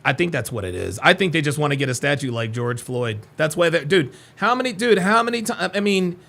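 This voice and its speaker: A man hosting a live reaction show, commenting loudly with profane, incredulous remarks. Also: a little high, very animated, fairly quick, creaky.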